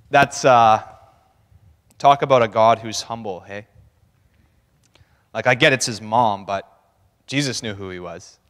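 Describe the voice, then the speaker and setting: A man giving a relaxed, conversational sermon in a church, chuckling as he speaks and acting out what people said. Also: mid-range voice. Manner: conversational, laughing, acts out quotes. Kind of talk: casual sermon talk. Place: church sanctuary. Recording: long church-hall reverb.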